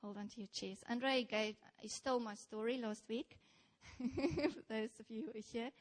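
Her voice leans high and her pace is a little slow as the young South African woman delivers a church sermon. She animates her stories and talks right to the congregation.

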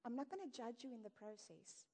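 Woman, conversational sermon, earnest and candid, mellow tone, hall reverb. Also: on the high side, expressive, a little fast. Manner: earnest, warm-hearted and candid, with light laughs. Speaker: church speaker.

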